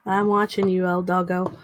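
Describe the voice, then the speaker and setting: A woman's voice: fairly low pitch, no room sound. Chatty young woman livestreaming. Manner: chatty, coos baby talk to her dog. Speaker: livestream host. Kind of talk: casual livestream chat.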